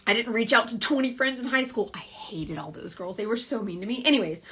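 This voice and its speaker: A woman's voice: on the high side, fairly quick, sharp tone, husky. A woman, rambling in a casual motivational livestream, full of "like" and self-corrections, speaking into a phone. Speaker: direct sales team leader. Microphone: phone on a social media livestream.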